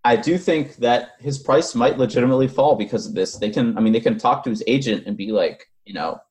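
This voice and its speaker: A young man co-hosting a casual sports podcast, a bit hoarse from losing his voice, rambling with fillers and restarts as he answers listener questions. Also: mid-range voice, fairly quick, a little mellow. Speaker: podcast co-host.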